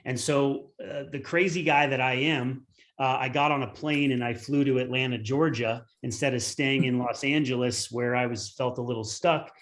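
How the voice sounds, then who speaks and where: A man's voice: medium pitch, steady tone, moderate pace, a bit bright. Brief: forties male coach, earnest rambling storyteller, webinar. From United States. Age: 40s. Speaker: tennis coach and former pro.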